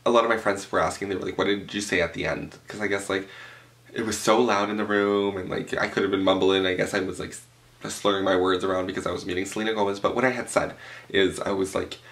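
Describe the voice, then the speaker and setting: Gravelly young man telling a story. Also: low voice, fast. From Canada. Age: young adult. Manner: animated, swearing, filler-heavy retelling with quoted voices. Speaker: vlogger. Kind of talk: casual storytime vlog. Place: room at home, tablecloth backdrop.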